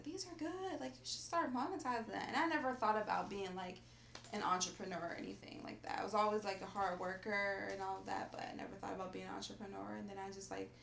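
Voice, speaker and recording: Gravelly, bright-voiced woman chatting in an echoey room. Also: mid-range voice, a little hiss or hum. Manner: animated storyteller, lots of "like". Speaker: guest baker. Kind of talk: casual podcast chat.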